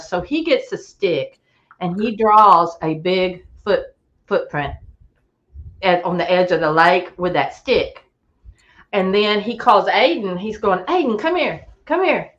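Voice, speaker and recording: A woman guest telling a camping story in a casual, animated way, acting out other people's voices and chuckling as she goes. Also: medium pitch, dull audio. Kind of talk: casual storytelling on a call-in show.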